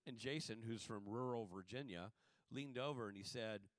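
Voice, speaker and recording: A man from the American South, a panel guest and TV director, telling animated, joking stories in a casual convention Q&A. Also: fairly low pitch, normal speed, no room sound. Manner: animated storyteller, jokey, acts out voices. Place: convention hall stage.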